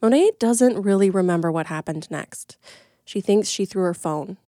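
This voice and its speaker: A woman reporter giving calm, measured scripted narration. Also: medium pitch, dry recording, studio quality.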